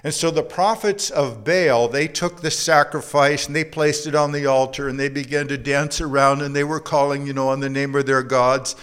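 A man preaching a sermon, reading scripture and acting out the voices in the story, dropping to a hush for emphasis. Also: mid-range voice, fairly even intonation, moderate pace, few pauses, smooth.

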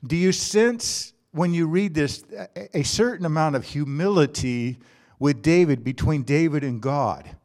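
Guy preaching a sermon, earnest, keeps repeating points, voice a bit high. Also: measured pace, a little mellow. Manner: earnest, emphatic repetition with restarts. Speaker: pastor.

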